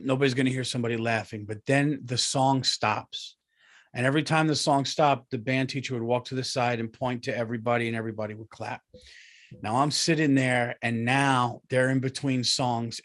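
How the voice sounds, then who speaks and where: A man's voice: medium pitch, steady tone, moderate pace, a bit bright. Profane middle-aged man telling a story. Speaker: comedian host. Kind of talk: comic storytelling.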